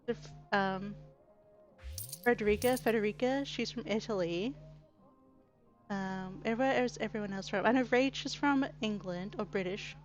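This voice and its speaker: A woman's voice: mid-range voice, moderate pace, pauses often, highs cut off, soft background music. An Australian woman streaming a game, chatty and giggly, with lots of "like". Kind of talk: casual gameplay chat.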